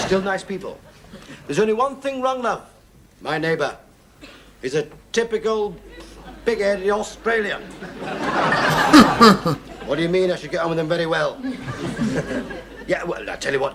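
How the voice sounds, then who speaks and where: A man's voice: sits high, noisy background. An actor playing a jokey, teasing English man newly arrived in Australia, in a sitcom. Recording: sitcom with loud studio audience laughter.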